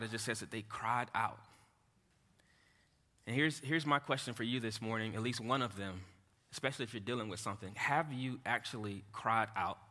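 A man preaches a sermon in a halting, earnest way, restarting phrases and turning to the congregation with asides. His voice is sharp and bright. The sound carries the long reverb of a church hall. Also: mid-range voice. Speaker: pastor. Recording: echoey hall.

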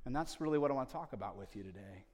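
A male pastor giving a conversational sermon, his voice swinging from quiet asides to loud, emphatic peaks. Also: medium pitch, lively intonation, racing, in a large hall.

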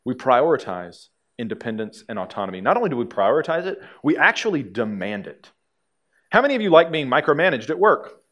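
A man's voice: mid-range voice, very animated, brisk, fairly bright tone, highs cut off. A male pastor preaching a sermon to a congregation in a conversational way, with dry humor.

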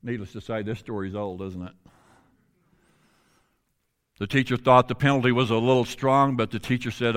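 A man preaching a sermon through a story, his voice pitched in the middle of the male range. He pushes some lines out loudly and drops others to a near hush for drama. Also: steady tone, moderate pace, pauses often, clear, resonant tone. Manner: dramatic, swings between loud and hushed.

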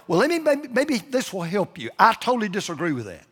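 A man preaching a sermon emphatically, slowing down to stress key phrases. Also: high voice, huge pitch swings, a bit bright, big-room sound.

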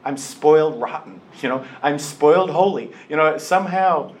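Older man, Bible class teacher, informal teaching, animated storyteller, a bit high-pitched. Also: normal speed, slight background noise, poor audio. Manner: lively storytelling, acts out voices in quotes.

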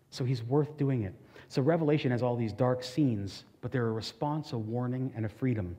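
Man, pastor, sermon; warm, relaxed voice, earnest and chatty, long hall echo. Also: mid-range voice, moderate pace. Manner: earnest, conversational preaching with frequent restarts.

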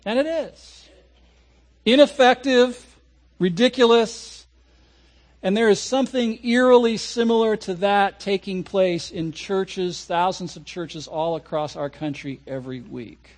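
A man preaching a sermon as a pastor, telling a lively story and acting out people's reactions. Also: sits high, unhurried. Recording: audio recording of a sermon.

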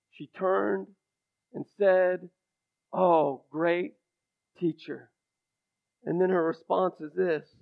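A man preaching a sermon with passion, sinking to a hush and then rising to loud, emphatic declarations. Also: high-pitched, creaky. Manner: impassioned, builds from hushed to loud. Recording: thin phone-like recording.

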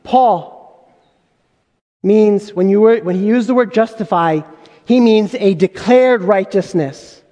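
A man's voice: high voice, slow pace, long pauses, mellow, in a large hall, lo-fi sound. A male pastor preaching a sermon in an emphatic way, full of rhetorical questions.

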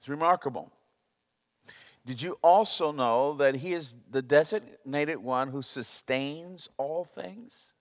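A man with a slightly high voice preaches slowly and emphatically, repeating himself as he searches for words. The recording carries the long reverb of a large hall.

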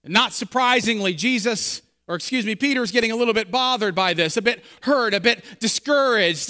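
High, bright-voiced pastor in a reverberant church. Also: male voice, a little fast, few pauses. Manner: conversational retelling with fillers and repeats. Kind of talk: sermon with scripture reading and prayer. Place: church sanctuary.

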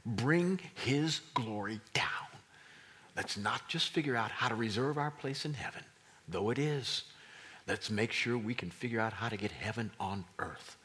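Man preaching, bright clear voice, tells a story then drops to a whisper and builds up loud again. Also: lowish voice, normal speed. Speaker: pastor. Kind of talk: sermon.

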